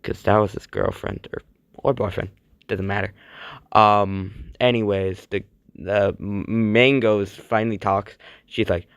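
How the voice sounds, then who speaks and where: A man's voice: on the low side, steady tone, measured pace, clear, resonant tone, no echo, clean studio sound. A man narrating a homemade cartoon in a rambling, stumbling, offhand way.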